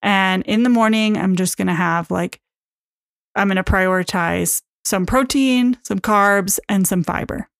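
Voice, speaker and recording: Woman podcast host and coach, casual and chatty, mid pitch, close dry mic. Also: a little slow, creaky, no room sound. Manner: chatty, filler-heavy, acts out inner thoughts. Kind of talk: casual solo podcast talk.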